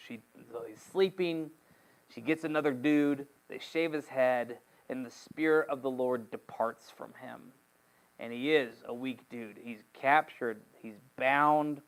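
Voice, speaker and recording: A man teaching a casual Bible study, retelling the story in an animated, slangy, joking way. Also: mid-range voice, a little slow, rough recording.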